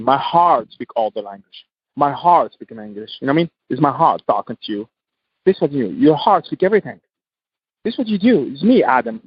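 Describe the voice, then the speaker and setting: Interview guest: man from Tunisia, husky and fairly high voice, impassioned and repetitive, dry, dull sound. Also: dry recording. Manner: impassioned, repetitive, non-native English. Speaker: guest entrepreneur. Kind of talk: passionate interview talk.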